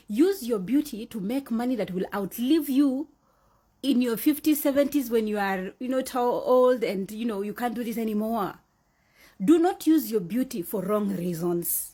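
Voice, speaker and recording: A woman, her voice a little husky and set slightly high, speaking casually and earnestly. She drives her points home by repeating them. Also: dark tone. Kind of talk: casual opinion monologue.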